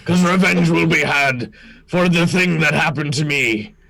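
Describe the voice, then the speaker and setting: A man's voice: on the high side, measured pace, creaky, sharp tone, exaggerated voice. A man with an Australian accent playing a grudge-holding orc pirate captain, speaking in dramatic proclamations. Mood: vengeful.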